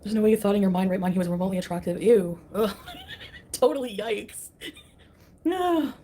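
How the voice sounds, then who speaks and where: A woman's voice: mid-range voice, very animated, moderate pace, warm tone, a little hiss or hum. A woman chatting casually on a livestream, dismissive and scoffing as she talks.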